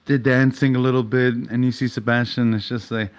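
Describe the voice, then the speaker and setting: A young man runs a tabletop game, painting each scene in loose, casual narration. He talks at an everyday pitch and drops curses freely as the action builds. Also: flat delivery, brisk. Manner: vivid, casual narration with swearing. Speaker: game master.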